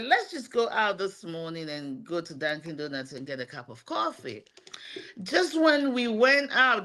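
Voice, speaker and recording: A woman co-hosting a livestream wellness show, talking in a reflective and expressive way. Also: on the high side. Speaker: co-host. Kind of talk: casual livestream talk.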